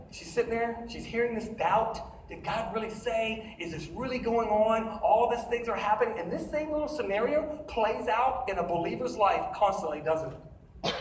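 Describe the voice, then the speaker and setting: A man's voice: high voice, echoey room, recorded from a distance, slight background noise, rough recording. A man preaching a sermon to a gathered audience, emphatic and asking the crowd questions as he goes. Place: large room with an audience.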